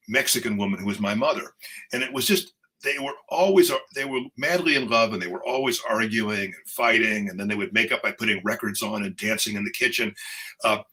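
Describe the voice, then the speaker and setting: An older man, a poet, telling a personal story in conversation, animated and full of fillers and restarts. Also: lowish voice, low-quality recording.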